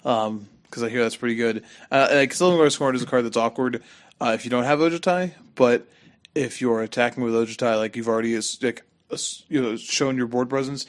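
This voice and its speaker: A man co-hosts a casual gaming podcast, rambling with lots of fillers while his voice is slightly going. He speaks briskly at a medium pitch.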